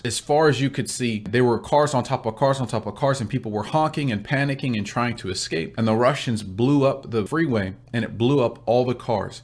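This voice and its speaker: A married man recounting a spiritual vision in vivid, plain-spoken storytelling. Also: medium pitch.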